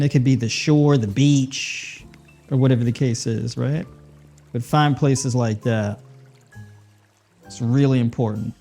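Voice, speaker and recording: A man's voice: mid-range voice, mellow. A man with a New York accent, a nutritionist host, chatting casually while he cooks and adds lots of "right?" and "you know". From New York City. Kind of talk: casual cooking talk.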